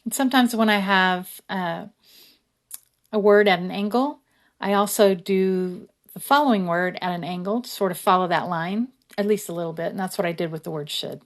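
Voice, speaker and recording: A woman casually explaining her journaling steps as she works, now and then slowly reading verses aloud. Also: medium pitch. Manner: relaxed, chatty, reads verses aloud slowly. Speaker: creator. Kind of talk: casual craft tutorial narration.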